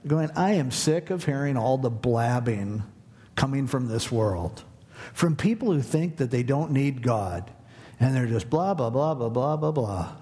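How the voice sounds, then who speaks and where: A man preaching a sermon, conversational and humorous, animated as he tells a story. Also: medium pitch, big-room sound. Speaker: pastor.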